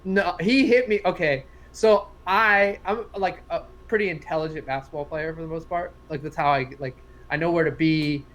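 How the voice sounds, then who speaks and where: A man's voice: fairly high pitch, moderate pace, few pauses, a bit bright, a little hiss or hum. Man telling a rambling, profane story. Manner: rambling storytelling, swears freely, laughs at himself. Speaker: podcast co-host. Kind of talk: casual sports podcast chat.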